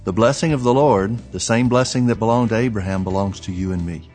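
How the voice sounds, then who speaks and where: A man's voice: fairly low pitch, fairly quick, darkish tone, soft background music. A man preaching a sermon, telling a personal story in an earnest, emphatic way. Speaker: pastor.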